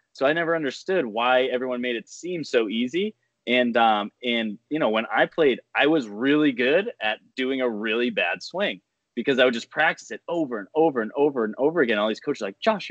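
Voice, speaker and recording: A man's voice: mid-range voice, expressive, brisk, dry recording, lo-fi sound. A man hosting a podcast, asking eager questions and thinking aloud in casual chat. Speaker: podcast host.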